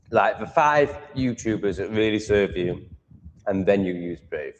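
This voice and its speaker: A man's voice: fairly low pitch, expressive, normal speed, highs cut off, slight background noise. An English man hosting a livestream, ranting bluntly and swearing freely as he answers viewer comments. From England. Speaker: livestream host. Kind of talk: live stream chat answering comments.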